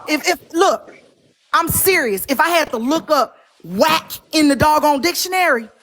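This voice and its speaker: A woman's voice: sits high, animated, moderate pace, a bit bright. A woman giving heated, slangy commentary in a casual live-stream chat.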